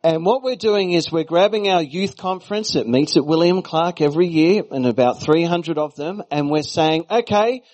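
A man's voice: on the high side, moderate pace, hardly any pauses, a little mellow, low-quality recording. A middle-aged Australian man giving a sermon as a guest preacher, with playful, chatty asides to the congregation.

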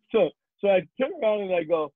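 A man's voice: high voice, brisk, dry recording. An older man, a guest actor, telling jokey stories in a casual interview. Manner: jokey, animated storyteller. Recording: dry tinny phone-like sound.

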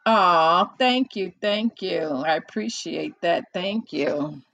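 A woman's voice: lowish voice, slow pace, vocal fry, a bit bright, slight background noise, rough recording. A woman hosting a podcast in casual chat with a caller, chatty and self-deprecating, laughing often and admitting she feels nervous. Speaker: podcast host.

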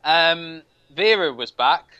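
A man's voice: a little high, animated, slow pace, bright, forceful tone, dry recording, muffled recording. A man co-hosting a TV review podcast, making dry jokes and insisting on his point. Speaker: TV reviewer co-host. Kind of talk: casual chat reviewing TV.

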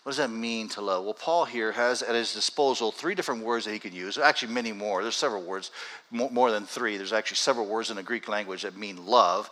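A man preaching a sermon in a church, talking conversationally and slowing down deliberately for scripture readings. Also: medium pitch, sharp tone, poor audio. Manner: conversational, builds to urgent raised passages; reads scripture slowly and deliberately. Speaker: pastor. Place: church sanctuary with congregation.

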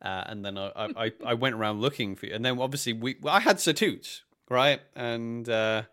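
A man's voice: mid-range voice, fairly quick. A British man co-hosting a podcast, telling game stories in casual chat and acting out what others said. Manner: animated storytelling, acts out quoted characters, frequent restarts. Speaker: podcast co-host. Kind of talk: casual chat recapping a live-action role-play event.

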